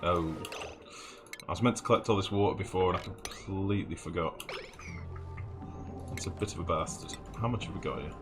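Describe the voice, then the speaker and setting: Here a man with a low voice comments casually on a game he's playing as a let's play host. He speaks fairly quickly but leaves long pauses, thinking aloud, muttering figures, and letting the odd swear slip, while game music plays beneath.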